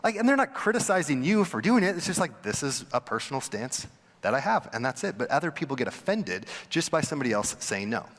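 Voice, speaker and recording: A young adult male pastor preaches in a relaxed, conversational way, breaking into animated mimicry of the people in his stories. His voice sits at an average pitch for a man. The sound carries a long hall reverb from the church sanctuary. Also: a little fast. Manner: conversational, acts out quoted voices with big pitch jumps. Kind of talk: sermon.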